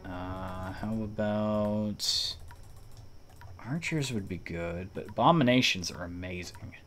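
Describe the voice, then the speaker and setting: A man's voice: lowish voice, takes it slowly, a bit bright, faint music behind. A man giving casual live commentary on a game he plays, playful and teasing toward enemies, talking from a room at home. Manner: playful, taunts enemies, chuckles. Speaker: streamer. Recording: noisy, keyboard typing audible.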